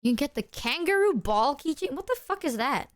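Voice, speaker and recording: A woman streamer chatting to her viewers, excitable and apologetic as she shows off gifts. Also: sits high, a little fast, dry recording. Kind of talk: casual stream chat to viewers.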